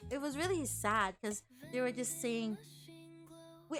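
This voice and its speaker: Chatty high-voiced woman streamer. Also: lively intonation, moderate pace, fairly bright tone, soft background music. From Philippines. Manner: chatty, swears a lot, restarts and acts out quotes. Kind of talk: casual chat.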